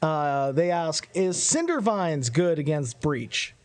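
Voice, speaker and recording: Man, high voice, brisk stream host reading viewer questions. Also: expressive.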